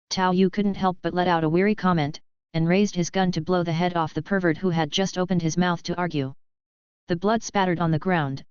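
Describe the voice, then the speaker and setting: A woman reading a web novel aloud as an audiobook narrator, in an even, measured way. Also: lowish voice, clear, resonant tone, no room sound, highs cut off.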